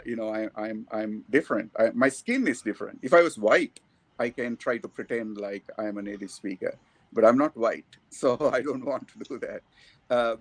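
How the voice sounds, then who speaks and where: Sri Lankan man with a gravelly voice. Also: mid-range voice, dry recording. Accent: Sri Lankan English. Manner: thoughtful, many filler "uh"s. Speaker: academic speaker. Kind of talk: academic talk at a colloquium.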